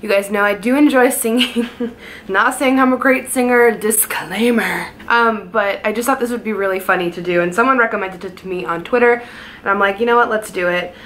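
A young woman vlogger chatting casually, giggly and a little nervous, who also sings loudly without hearing herself. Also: mid-range voice, brisk, slight background noise. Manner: giggly, nervous, self-mocking. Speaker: YouTuber. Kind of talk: casual vlog chat and amateur singing.

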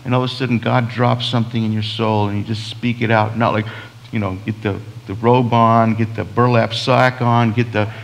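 A man's voice: lowish voice, little pitch movement, moderate pace, creaky, in a large hall, rough recording. A man, a pastor preaching a sermon in a conversational way, full of restarts and quoted asides. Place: church sanctuary.

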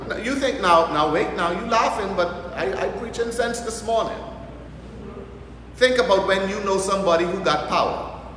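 A man's voice: high-pitched, moderate pace. A male priest with a Bahamian accent preaching a sermon, joking and using local vernacular. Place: church. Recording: echoey church hall, faint noise.

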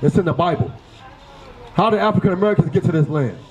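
A man preaching on a city street, forceful and confrontational, firing rhetorical questions at passersby. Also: sits high, expressive, fast talker, reverberant, poor audio. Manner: forceful, fires rhetorical questions, repeats "right?".

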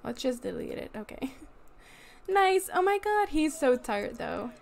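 A woman's voice: high-pitched, big pitch swings, measured pace, gravelly, darkish tone. A young woman giving casual, giggly commentary on her life-sim game, gushing over cute moments. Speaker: gaming YouTuber. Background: fan noise.

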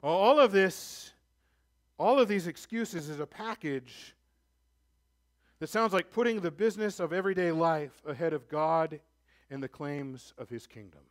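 High-voiced earnest male pastor. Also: a little slow. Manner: earnest, rises to emphatic then drops low and soft. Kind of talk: sermon. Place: church.

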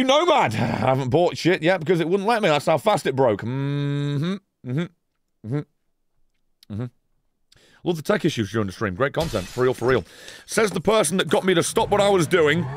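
A man commentates a live game stream, his fairly high voice swooping up and down in lively bursts. He rants at his chat with a steady stream of curses and exasperation. The sound is close and dry, with no room around it. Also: dry recording. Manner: profane, exasperated ranting at chat.

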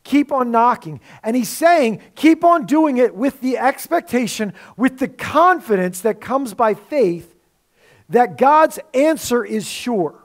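A male pastor delivers a Sunday sermon with a notably high voice. He preaches conversationally, often asking his listeners rhetorical questions. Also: expressive, slow pace.

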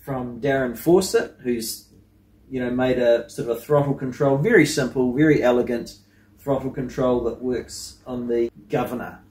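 A man's voice: medium pitch, normal speed, darkish tone, roomy sound. A man hosting a hobby engineering channel, talking casually and rambling with frequent ums and you-knows. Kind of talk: casual vlog commentary.

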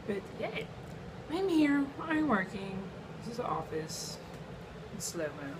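A young woman talks into her phone in an excited vlog. Her voice is higher than most and swings widely, and she stretches her words slowly. The recording is noisy. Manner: gushing, breathless excitement, frequent exclamations. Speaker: vlogger.

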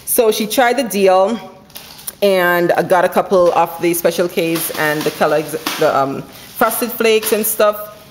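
A woman's voice: lowish voice, a little hiss or hum. Chatty woman walking through a coupon haul. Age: adult with school-age kids. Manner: chatty, quick, runs numbers aloud, laughs often. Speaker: couponing vlogger. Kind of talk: casual haul video chat. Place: home, indoors.

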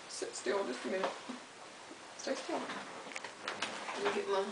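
A woman's voice: mid-range voice, unhurried, creaky, pauses often. A woman chatting at home in a casual video, cooing at her pet iguanas in baby talk. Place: home living room. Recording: roomy home recording with hiss.

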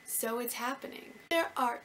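A woman's voice: fairly high pitch, moderate pace, a bit bright, slight background noise. A young woman from Canada, a book vlogger chatting to camera in a bubbly, gushing and self-mocking way. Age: young adult. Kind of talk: casual chat to camera.

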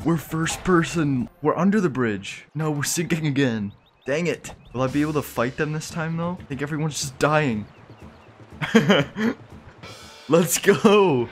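A young man giving casual gameplay commentary, excitable and jokey, often laughing. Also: medium pitch. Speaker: gaming YouTuber.

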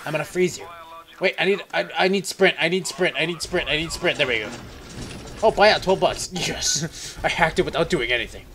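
A man's voice: a little high, brisk, bright, forceful tone, slight background noise. A young man talking to himself while playing a game, rambling, giggling and swearing. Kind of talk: let's play commentary.

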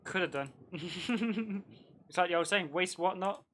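A man talks his way through a video game stream in a loose, chatty manner. His voice sits a bit high for a man, and he laughs easily and reacts loudly to surprises. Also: a little slow, slight background noise. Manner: excitable, chatty, laughs often, mild slang. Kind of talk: casual game-stream commentary.

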